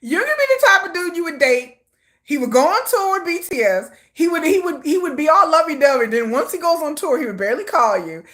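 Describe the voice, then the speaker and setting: A woman hosting a casual livestream, chatting in a playful, gossipy way. Her high voice swings all over the place, and she breaks into laughter often. The tone is bright and sharp. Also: very animated, a little fast. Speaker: livestream host. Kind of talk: casual storytelling chat.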